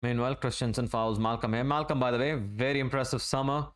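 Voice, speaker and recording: A man from Asia giving relaxed, running play-by-play commentary during a live football watch-along stream. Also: medium pitch, clear, resonant tone. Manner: running play-by-play, conversational and unhurried.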